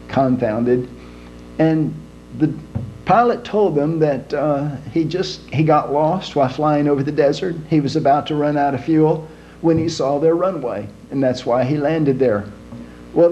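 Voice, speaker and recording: A man telling jokes in a folksy, unhurried storytelling manner. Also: medium pitch, mellow. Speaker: joke teller. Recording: dull lo-fi home recording with faint hum.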